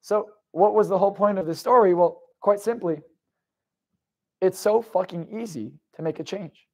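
High-voiced man, punchy motivational storyteller. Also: normal speed. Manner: swings from low storytelling to loud emphatic outbursts, swears freely. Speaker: confidence coach.

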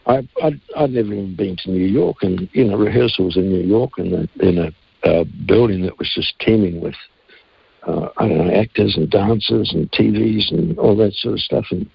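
A man's voice: lowish voice, expressive, normal speed, creaky, breathy edge, no room sound, muffled recording. A man, a singer-songwriter telling rambling, earthy stories in a casual radio interview.

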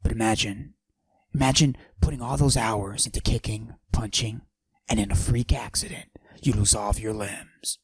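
A man doing a cocky macho character who forces his voice deep and breathy, in a comedic podcast monologue. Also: fairly even intonation, moderate pace. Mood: swaggering. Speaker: podcast host.

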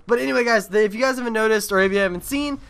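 Bright-voiced young man, rambling, swearing. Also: high voice, very fast, gravelly, clean tone. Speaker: gaming video creator. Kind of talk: casual gameplay commentary.

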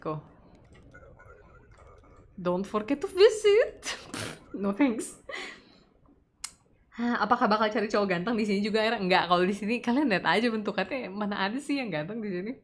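A woman with an Indonesian accent streaming a game, casually chatting, reading the game text aloud and breaking into excited shrieks. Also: mid-range voice, fast. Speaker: VTuber streamer. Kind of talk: casual gameplay commentary.

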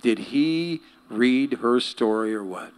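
A male pastor preaching a sermon in an animated way, asking the congregation questions. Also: medium pitch, slow pace, slight background noise.

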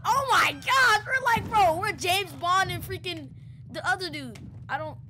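A woman giving excitable, slangy gameplay commentary, shouting and joking at her teammate. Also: extremely high pitch, measured pace, a little hiss or hum. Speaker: gaming YouTuber.

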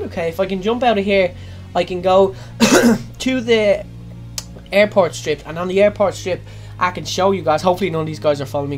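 A young woman giving jokey, excitable let's play commentary, breaking into sudden loud yelps. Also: on the low side, fairly quick, faint music behind. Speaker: gaming channel host.

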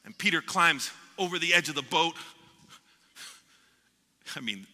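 A pastor preaching a sermon with passion, repeating words and acting out what people say. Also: male voice, fairly high pitch, expressive, measured pace, sharp tone. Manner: impassioned preaching with repetitions and acted-out quotes. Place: church sanctuary. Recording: long hall reverb in a church.

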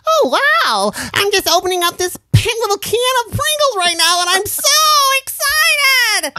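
A man voicing a cartoon giraffe that is giddy and wired on energy drinks, in a shrill, excited squeal. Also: moderate pace, no room sound, exaggerated voice. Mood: hyper.

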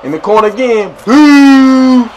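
A man's voice: fairly high pitch, brisk, slight background noise. A young man giving casual, slangy, playful commentary over his own gameplay, hyping up the plays. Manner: animated, slangy, playful hype.

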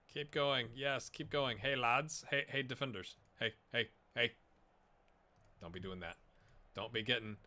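A man's voice: mid-range voice, pushed and bright. A man casually commenting on his own football management game, chatty and self-mocking, urging his players on. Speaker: gaming YouTuber.

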